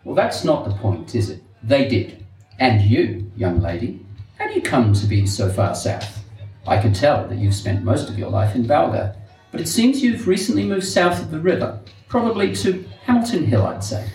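A man's voice: medium pitch, big pitch swings, moderate pace, darkish tone. A man playing a superior, clipped phonetics expert who places people's accents on stage. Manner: crisp, clipped and condescending. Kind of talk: stage play acting. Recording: echoey stage from a distance, music.

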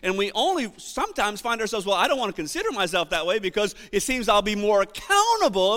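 A male pastor preaching a sermon to his congregation, reading scripture loudly and asking the room questions. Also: high-pitched, big pitch swings, quick pace, few pauses. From United States. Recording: long reverb of a church hall.

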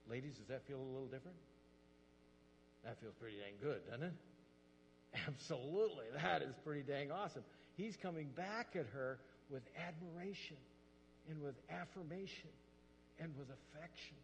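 A man preaching a sermon as pastor, animated and quick, often putting questions straight to his listeners. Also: fairly high pitch. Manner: animated, quick, asks the audience direct questions. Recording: long reverb with audible hum.

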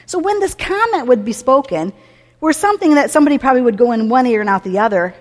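Woman giving a sermon, lively up and down voice, chatty with lots of fillers, big echoey hall. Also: a little high. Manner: chatty, candid, with many fillers. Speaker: church teacher. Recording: long reverb of a hall.

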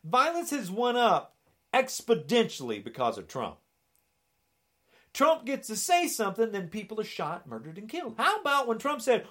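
A man's voice: high-pitched, very animated, normal speed, sharp tone. A man delivering an angry political rant, sarcastic and indignant, often mocking.

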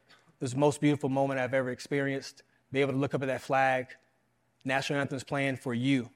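Man of middle pitch, an athlete guest; earnest and reflective, leans on repeated phrases. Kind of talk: casual storytelling.

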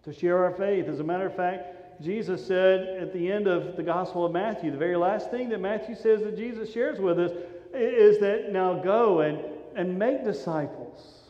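A man, preaching a sermon in a conversational, animated storytelling way. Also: sits high, normal speed. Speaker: pastor. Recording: roomy, reverberant, dull sound from a hall.

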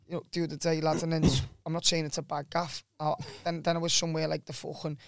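A man's voice: on the high side, level tone, fast, creaky, dry recording, clean studio sound. A man with a Scouse accent, a singer and guest on a podcast, chatting casually, swearing and often asking if you know what he means.

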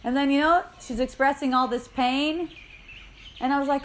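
A woman's voice: sits high, normal speed, pauses often. A woman leading an in-person spiritual dialogue, telling light anecdotes with frequent laughter and quoted voices. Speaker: spiritual teacher. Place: indoor gathering room.

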